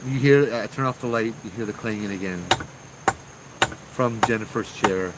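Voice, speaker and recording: A man tells ghost stories in an easygoing, chatty way, talking straight to his viewers. He is outdoors, with crickets and insects clearly audible behind his voice. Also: lowish voice, moderate pace, heavy background noise. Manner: chatty, relaxed, talks to chat. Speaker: storyteller host. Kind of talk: casual live storytelling.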